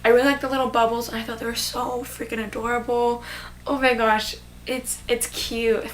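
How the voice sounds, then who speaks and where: A woman's voice: fairly high pitch, little pitch movement, normal speed, a little hiss or hum. A young woman casually reviewing a movie on her vlog, gushing and filling her talk with "like". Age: young adult. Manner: gushing, heavy "like" fillers. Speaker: vlogger.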